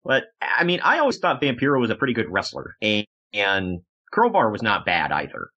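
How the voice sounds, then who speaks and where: Guy podcasting casually, bright punchy voice, kinda dull lo-fi sound, jokey and animated. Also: fairly low pitch, a little fast. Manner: animated, jokey, acts out quotes in funny voices. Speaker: podcast co-host reviewing wrestling.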